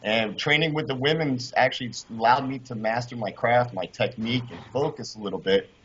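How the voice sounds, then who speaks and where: A man being interviewed, telling a story in an animated way and acting out the people in it. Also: medium pitch, brisk, breathy edge. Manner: animated, acts out quoted voices. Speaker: guest, former kayaker. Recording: dull lo-fi audio.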